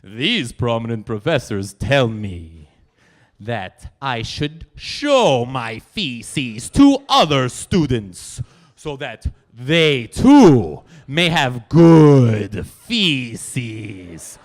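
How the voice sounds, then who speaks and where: A man voicing a stern, haughty woman, speaking slowly and formally on a live stage. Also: medium pitch, sing-song, pitched below the performer's own voice. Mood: indignant. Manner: slow, commanding, overly formal. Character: stern haughty Polish woman student, proud and imperious. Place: stage at a live storytelling event.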